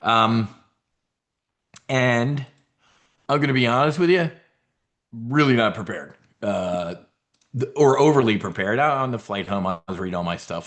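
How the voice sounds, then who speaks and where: A man's voice: medium pitch, lively intonation, fairly bright tone. A man hosting a trading show, ranting casually and bluntly with profanity, stumbling and restarting as he talks. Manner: fast, rambling, blunt and profane, with frequent restarts. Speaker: host of a trading and market show. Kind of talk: casual live-stream rant.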